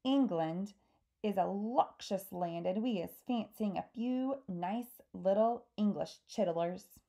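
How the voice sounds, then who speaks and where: Greedy, boastful man-eating giants shouting and gloating in broken grammar, as a woman reading aloud puts them on. The voice is loud and gravelly, with a dark tone. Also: medium pitch, slow.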